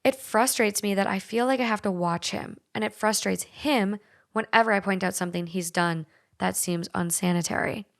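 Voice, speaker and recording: A young woman hosts a podcast in a light Minnesotan accent, chatting casually, swearing freely, and reading listener stories aloud. Her medium-pitched voice has vocal fry and a moderate pace.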